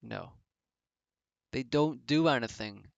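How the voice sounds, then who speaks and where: A man's voice: mid-range voice, normal speed, vocal fry, a bit bright, clear, resonant tone, dry recording. A man giving casual solo commentary as a wrestling reviewer, rambling and offhand with many fillers. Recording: dull lo-fi home mic.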